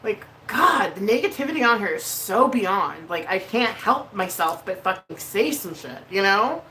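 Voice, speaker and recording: A woman's voice: mid-range voice, sing-song, normal speed, sharp tone, slight background noise, poor audio. Emotional woman venting on a livestream. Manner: emotional, venting, swears freely, laughs often. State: emotional, near tears. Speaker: livestream host. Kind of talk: casual livestream chat while doing makeup.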